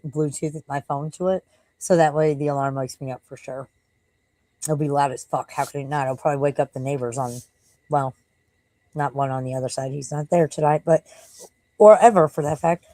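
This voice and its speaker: A woman's voice: sits low, warm tone, no room sound, rough recording. A tired woman live streaming in casual, rambling chat, swearing freely and breaking off to scold and baby-talk her dog.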